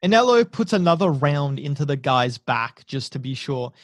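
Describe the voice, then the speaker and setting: Male game master, steady narration, higher pitch, dry close sound. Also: moderate pace, no room sound.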